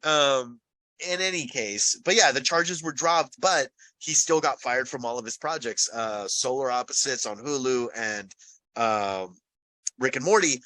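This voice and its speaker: A man's voice: medium pitch, a little slow, bright, forceful tone, no echo, poor audio. A man hosting a podcast, chatting casually and animatedly, often breaking off mid-sentence and swearing. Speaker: podcast host. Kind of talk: casual chat.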